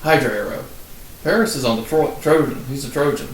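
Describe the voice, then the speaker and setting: A man's voice: mid-range voice, brisk, distant mic. A man with an easygoing, irreverent manner retells old legends as casual podcast chat. The room has a noticeable echo, and a faint hiss sits under his voice. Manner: laid-back, irreverent storytelling retelling myths. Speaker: podcast co-host.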